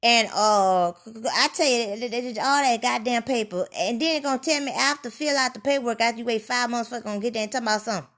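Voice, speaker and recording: A woman ranting in a rambling, profane monologue, sliding from low grumbling into loud heated outbursts. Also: quick pace, few pauses. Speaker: vlogger.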